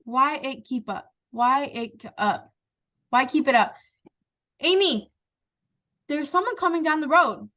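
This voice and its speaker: Woman voicing pleading husband, bright high voice, earnest. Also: measured pace, pauses often. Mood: frustrated. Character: pleading husband, baffled and frustrated.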